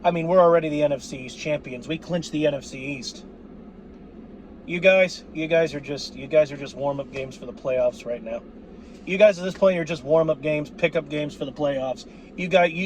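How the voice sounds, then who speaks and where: Hoarse, high-voiced male fan vlogger, loud and profane, faint background noise. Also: brisk. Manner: fired-up, cursing, shouting outbursts. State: voice going hoarse.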